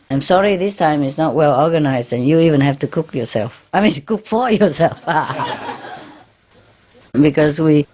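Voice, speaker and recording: A woman with a low voice gives an informal spiritual talk to her followers. She is chatty and laughs often, tags her phrases with "yeah?", and speaks English as a second language with many fillers and restarts. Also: darkish tone. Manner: non-native English grammar, frequent fillers and restarts. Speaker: spiritual teacher.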